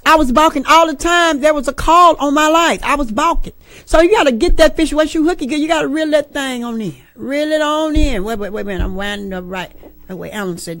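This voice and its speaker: A woman's voice: high voice, a little fast, fairly bright tone, no echo. A middle-aged woman, preaching an informal sermon with folksy jokes and asides to the congregation.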